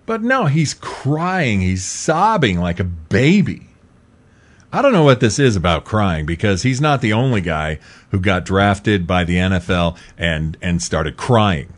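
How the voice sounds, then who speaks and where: A middle-aged male host with a fairly low voice that keeps leaping up and down in pitch. He talks in an emphatic, repetitive way. His opinionated monologue swings between loud outbursts and muttered asides. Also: big pitch swings, unhurried. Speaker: talk show host.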